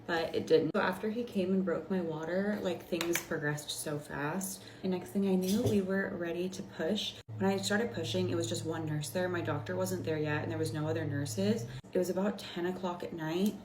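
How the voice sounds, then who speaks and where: A woman's voice: fairly low pitch, normal speed, hardly any pauses. A young woman vlogger telling a casual storytime while doing her makeup, chatty and full of fillers. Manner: chatty, filler-heavy, animated retelling. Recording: roomy with faint background noise.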